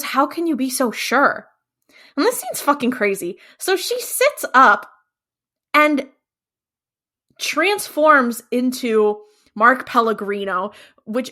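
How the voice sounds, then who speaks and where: A woman's voice: a little high, pushed and bright. A woman co-hosting a podcast, casually recapping a TV episode, blunt and swearing freely as she walks through each scene. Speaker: podcast co-host.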